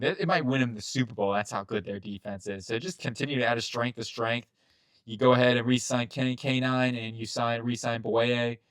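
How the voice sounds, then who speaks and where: A young man hosting his channel, chatting through a football mock draft in a rambling, casual way, full of asides and quick self-corrections. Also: medium pitch, no echo. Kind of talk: casual sports commentary.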